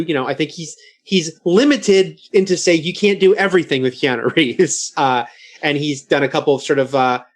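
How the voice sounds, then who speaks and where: Guy on a panel show, slightly high voice, rattles on and fixes himself mid-sentence. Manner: fast, eager explaining with self-corrections. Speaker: panel guest. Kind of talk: casual panel chat.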